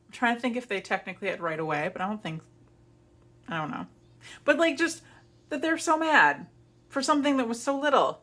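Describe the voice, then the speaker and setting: Bright-voiced woman chatting animatedly. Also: a little high, a little fast. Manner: animated storytelling, acting out her own panicked apologies. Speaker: vlogger. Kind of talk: casual chat.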